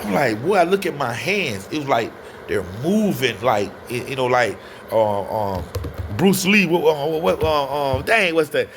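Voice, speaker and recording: A man telling a personal story in a casual, animated way, often turning to his listeners. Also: medium pitch, measured pace, slight background noise. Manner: animated, addresses listeners as y'all. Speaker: storyteller guest.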